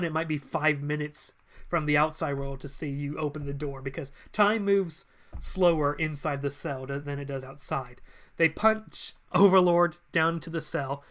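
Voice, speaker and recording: A man's voice: a little high, a bit bright. A man hosting a stream, chattily retelling comic scenes with casual asides. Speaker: channel host. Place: home streaming setup.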